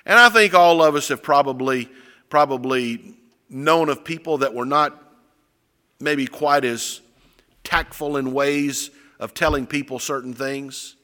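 A man preaching a sermon, retelling stories animatedly, acting out voices and shouting. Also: mid-range voice, unhurried. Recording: long hall reverb.

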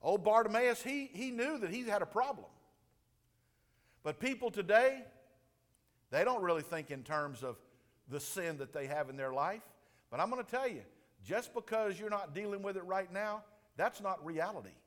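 Male preacher, high-pitched, animated sermon delivery, long echo of a large sanctuary. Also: moderate pace. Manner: animated, swings from hushed to booming. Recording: long reverb of a large room.

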